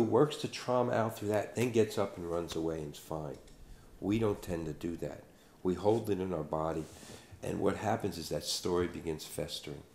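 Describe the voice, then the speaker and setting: Gravelly deep-voiced man in an echoey room. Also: darkish tone, a little hiss or hum. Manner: earnest, explaining. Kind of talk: explanatory interview talk. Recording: roomy echo.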